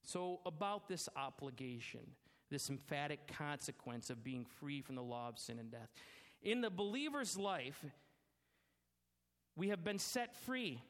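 A man preaching a sermon as pastor, emphatic, slowing down and dropping his voice low to stress key words. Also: very animated, a bit bright. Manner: emphatic preaching, slows and drops low for weight. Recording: long hall reverb.

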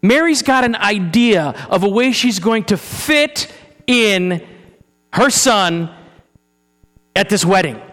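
A man preaches a sermon in an unhurried, high voice, asking his listeners questions as he goes. At times he sinks into a hushed, solemn tone. His voice carries a long hall reverb over a low mains hum. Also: lively intonation. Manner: conversational preaching with rhetorical questions to the congregation; drops to a soft, hushed tone for solemn passages. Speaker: pastor.

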